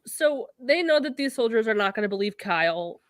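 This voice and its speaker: A woman's voice: on the high side, lively intonation, brisk, no room sound. Chatty woman podcast co-host, dry sound. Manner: chatty, recaps plot, swears casually. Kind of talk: casual episode recap chat.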